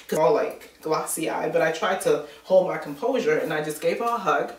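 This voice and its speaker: A woman's voice: sits low, brisk, few pauses. Chatty New woman in a roomy space. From New York. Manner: chatty storyteller, many filler words. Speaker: vlogger. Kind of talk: casual chat. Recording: roomy sound from a distant mic.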